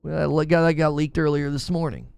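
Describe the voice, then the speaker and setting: A man hosting a casual livestream, chatting excitably, repeating himself and reacting to his chat. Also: a little high, fairly quick, vocal fry, clear, resonant tone, dry recording, soft background music. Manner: animated, excitable, repeats himself, shouts when cheering. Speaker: livestream host.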